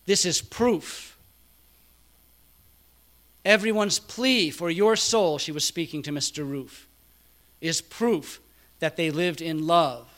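A man preaching a sermon, quoting others quietly and building to loud, emphatic peaks. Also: fairly high pitch, slow pace, long pauses. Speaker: pastor.

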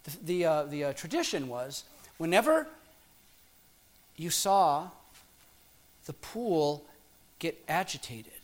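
A man's voice: fairly high pitch, very animated, slow pace, pauses often. A middle-aged man preaching a sermon in a conversational, playful way, with frequent ums and restarts.

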